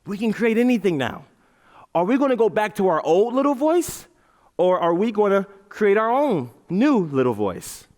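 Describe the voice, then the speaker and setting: A man giving a playful, animated motivational talk on a large auditorium stage, leading the crowd in chants. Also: sits high, normal speed. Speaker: motivational speaker. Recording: reverberant hall.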